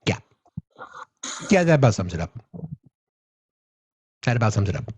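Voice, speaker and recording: A man's voice: fairly low pitch, very animated, moderate pace, a little mellow, slightly rough, no echo. A man hosting a political call-in show, talking in an impassioned, profane, ranting way. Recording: dull, lo-fi, dry.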